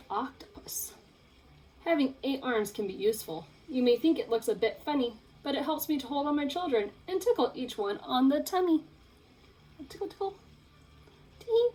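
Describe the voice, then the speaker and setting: A young woman teacher with a high voice reads a picture book aloud to children. Her storytelling is expressive and playful, though the recording quality is low.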